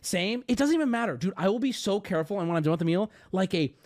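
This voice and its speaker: A man's voice: sits high, animated, fast talker, a little mellow. A man telling a story on his stream as a profane, self-mocking rant, getting heated as it goes.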